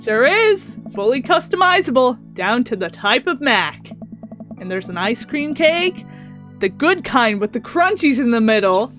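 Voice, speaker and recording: A woman voicing a goofy, doting middle-aged single dad, reading his lines with teasing, proud warmth. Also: on the high side, very animated, measured pace, soft background music. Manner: warm dad-joke delivery, proud and teasing.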